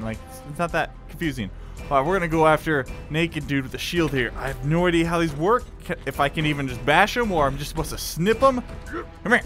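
Young guy yelling at enemies in a vr game, high voice that jumps all over, faint game music behind. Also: a little fast. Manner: excitable, playful, talks to enemies in the game. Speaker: gaming YouTuber. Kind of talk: excited VR gameplay commentary.

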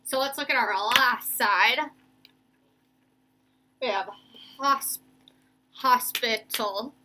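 A young woman teacher giving a remote reading lesson to children, slowly stretching out each word as she sounds it. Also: fairly high pitch, sharp tone. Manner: slow, stretched-out sounding of words.

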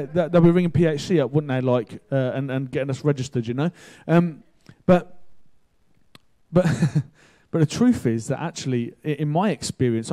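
A man preaching a sermon in a casual, chatty way, telling a story with excitable bursts. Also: medium pitch. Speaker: pastor.

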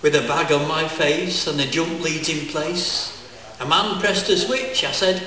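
A deadpan man recites comic verse live on a festival stage, his voice sitting a little high. A distant mic catches him in a very echoey hall, with faint audience sound behind. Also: moderate pace, slight background noise. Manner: deadpan, wordplay-laden delivery. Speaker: comic poet.

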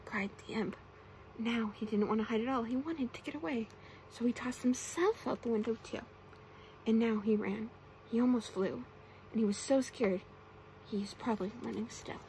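Brief: young woman, whispered role-play storyteller, soft hushed reading, a touch high, faint hiss behind. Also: normal speed, rough recording. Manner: soft, often whispered reading with playful character voices. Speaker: ASMR storyteller.

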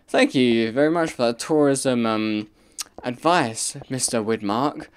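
A man giving casual gameplay commentary, reacting out loud and muttering to himself as he plays. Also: medium pitch, a little slow, clear, resonant tone. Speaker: let's play gamer.

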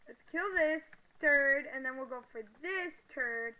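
A woman giving excitable gameplay commentary, exclaiming loudly at every surprise. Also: sits high, measured pace, low-quality recording. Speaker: gaming video creator.

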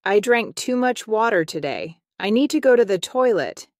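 A woman's voice: medium pitch, big pitch swings, normal speed, a little mellow, no room sound, clean studio sound, pitched above the performer's own voice. A woman voicing a frightened little male sheep in a children's storybook, with an anxious, pleading delivery.

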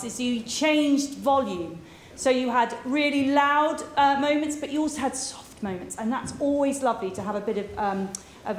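An encouraging woman adjudicator gives live feedback at a school poetry event, full of praise, pausing on ums and restarting her sentences. Her voice sits high. The theatre adds a clear echo around her. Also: slight background noise. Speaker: guest adjudicator. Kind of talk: live feedback to young performers. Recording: echoey theatre.

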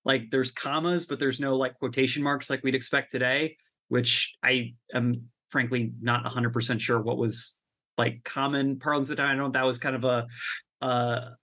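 Bright-voiced animated podcast co-host man. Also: mid-range voice, moderate pace. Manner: animated, laughs often, swears. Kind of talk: casual book discussion.

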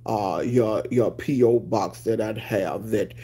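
A man voicing a slow, stubborn older male caller on a prank phone call, halting and persistent. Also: lowish voice.

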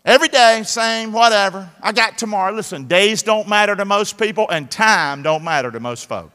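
A man delivers an animated sermon, calling on the congregation to answer him back. His voice sits high and bright and leaps up and down. Long reverb from a large church auditorium trails every phrase. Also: moderate pace. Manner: animated, exhorting preaching with call-and-response. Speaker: pastor. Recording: live church hall reverb.

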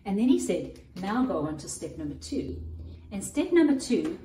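A woman's voice: medium pitch, very animated, moderate pace, mellow, echoey room, recorded from a distance, slight background noise, rough recording. A woman hosting a Christian podcast as a coach, giving an earnest, reflective teaching monologue and often checking in with "right?".

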